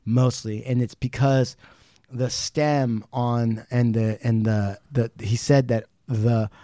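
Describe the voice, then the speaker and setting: Animated swearing man on a podcast. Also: mid-range voice, slow, no echo, studio quality. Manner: animated retelling, swears freely, many restarts. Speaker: podcast co-host. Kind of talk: casual podcast chat.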